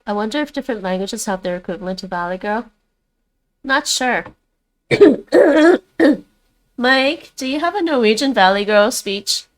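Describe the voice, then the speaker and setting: A woman's voice: a little high, lively intonation, unhurried, long pauses. A woman whose first language is Dutch, chatting casually with her livestream viewers while she studies languages, often addressing them by name and reading text aloud. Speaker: streamer learning languages.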